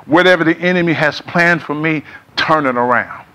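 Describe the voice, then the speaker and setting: High-voiced man preaching a sermon. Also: normal speed, bright, forceful tone. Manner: call-and-response preaching, asks congregation to repeat. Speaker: pastor. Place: church sanctuary.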